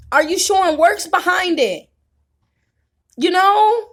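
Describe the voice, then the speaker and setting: Very high-pitched and animated, the woman speaks at a slow pace as she vents on her YouTube vlog. Her monologue is impassioned and tearful, rolling along in the rhythm of a preacher.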